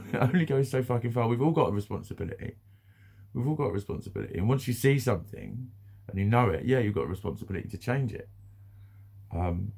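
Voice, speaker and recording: Speaking in a mid-range voice that is a little mellow, with vocal fry, a British vlogger rants bluntly in a casual monologue. He curses freely, circles back to repeat himself and laughs now and then.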